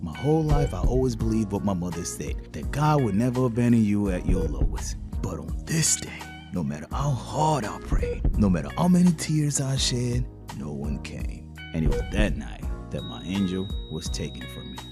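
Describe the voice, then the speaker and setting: Brief: male storyteller, very expressive melody, dramatic, over background music. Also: lowish voice, moderate pace, hardly any pauses. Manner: dramatic, animated. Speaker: animated storyteller. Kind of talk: storytime narration.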